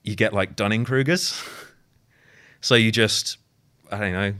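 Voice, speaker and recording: A man's voice: fairly low pitch, a little slow, fairly bright tone, clear, resonant tone. A man co-hosting a podcast in casual chat, dry and wry with some swearing. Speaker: podcast co-host.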